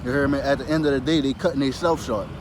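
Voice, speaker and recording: A man's voice: medium pitch, fairly even intonation, fast, background noise. A man talking casually and loosely about spirituality, dropping "you hear me" after nearly every phrase and swearing freely. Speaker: spiritual talker. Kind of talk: casual monologue.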